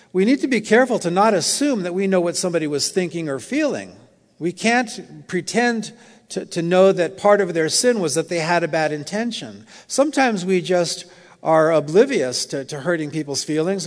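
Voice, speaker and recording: A male pastor preaching a sermon in a conversational, storytelling way with light humor. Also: fairly high pitch. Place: church. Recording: long reverb of a church hall.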